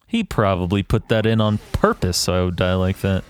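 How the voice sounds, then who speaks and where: A man's voice: low voice, expressive, fairly quick, smooth. A man giving casual commentary over a replay of his own game, explaining his decisions and swearing freely. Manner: profane, ranting, self-assured; analytical, talks through his decisions. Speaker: gaming YouTuber reviewing his own match.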